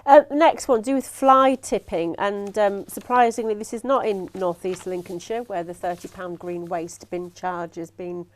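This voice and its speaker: A woman presenting local news, talking casually with a colleague at a mid pitch. She keeps the chat moving by asking follow-up questions. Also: steady tone, moderate pace, hardly any pauses. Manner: conversational, prompting questions.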